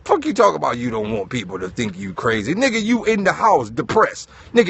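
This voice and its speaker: A man giving an animated, preachy motivational talk, swearing and calling listeners dog. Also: sits high, fast, vocal fry, few pauses, husky. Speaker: host.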